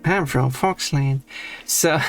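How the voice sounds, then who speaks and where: A Swedish streamer chats casually during a live stream, rambling, restarting sentences and sometimes laughing at their own remarks. Their voice is medium-pitched and unhurried, with soft music playing in the background.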